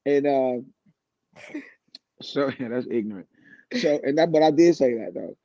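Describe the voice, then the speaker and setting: A man's voice: medium pitch, a little slow, dark tone, dry recording, dull audio. A man in his fifties, a guest singer on a radio show, telling a long, laid-back story with plenty of restarts. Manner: laid-back, rambling anecdotes with frequent restarts. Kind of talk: casual storytelling.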